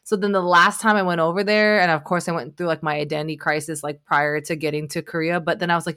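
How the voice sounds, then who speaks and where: A woman's voice: sits low, steady tone, quick pace, hardly any pauses, bright, forceful tone. A woman speaking candidly and expressively in a casual chat, with self-deprecating humor.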